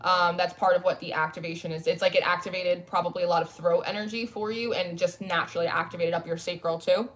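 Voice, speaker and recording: A woman's voice: lowish voice, fairly even intonation, fast, few pauses. A young woman talks casually through a live tarot stream from a candlelit room at home. She rambles and chats freely, reading out viewers' comments and answering them as she goes. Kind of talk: casual livestream chat.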